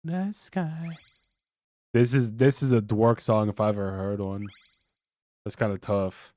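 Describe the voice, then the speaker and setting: A man's voice: lowish voice, fairly even intonation, normal speed, mellow, no echo. A young man streaming a game, chatting casually with a stuffy nose, rambling and swearing often. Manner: rambling, swears a lot, restarts sentences. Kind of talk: casual live-stream chat.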